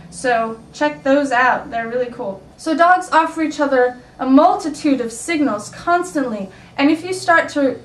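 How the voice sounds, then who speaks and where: A woman dog trainer casually explaining and demonstrating yawns and sighs in a video lesson. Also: sits high. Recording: echoey room, mic at a distance.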